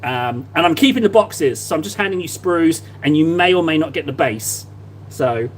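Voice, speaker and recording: A man's voice: fairly high pitch, animated, moderate pace, a little hiss or hum. A man chatting casually on a live stream while he paints models, playful and teasing with his viewers. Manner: playful, teasing, mock-innocent banter with chat. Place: at a desk, painting.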